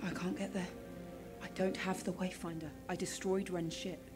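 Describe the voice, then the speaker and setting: An actress playing a young woman warrior full of doubt, in a movie clip, speaking in a low-ish, flat, level voice. Film music plays clearly behind her. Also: normal speed, lightly acted. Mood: troubled. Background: film score music.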